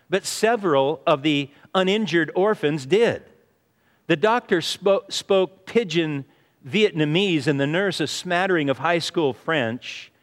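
A man delivers a sermon in an earnest, storytelling manner and keeps coming back to "you see". His voice sits on the high side, and he takes his time. The sound rings with the long echo of a large hall. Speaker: pastor. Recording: reverberant hall.

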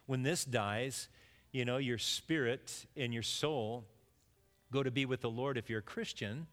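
A man's voice: mid-range voice, measured pace, fairly bright tone, big-room sound. A man preaching a conversational sermon, now and then acting out imagined voices. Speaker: pastor.

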